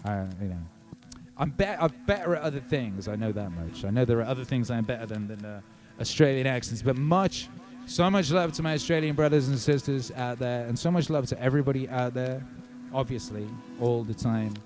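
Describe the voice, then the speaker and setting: A man hosting a livestream, chatting loosely and reading viewer comments aloud in a hyped, swearing style. His voice sits at an ordinary male pitch. He swings from loud shout-outs to low murmurs, with steady music underneath. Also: fairly quick.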